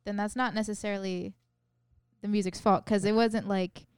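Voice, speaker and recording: A young woman in a casual chat, thoughtful and a little halting. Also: medium pitch, little pitch movement, clean tone, no room sound, clean studio sound. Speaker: podcast co-host.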